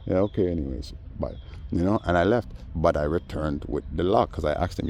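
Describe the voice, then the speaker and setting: A man telling a story in a casual monologue, animated and acting out the voices of others. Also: low-pitched, a little fast, gravelly, slight background noise. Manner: animated, acts out voices in quoted dialogue. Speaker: vlogger.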